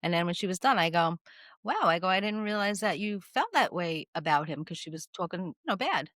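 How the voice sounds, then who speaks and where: Speaking briskly in a fairly low voice, a woman co-hosting a podcast spins stories in a relaxed chat and performs the quoted voices. The recording is dry and clean, studio quality.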